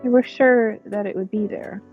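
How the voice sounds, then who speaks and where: A woman voicing a polite, eerie female doll servant in a game, speaking in a formal monotone. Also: medium pitch, normal speed, narrow, tinny audio, soft background music, close to an everyday voice.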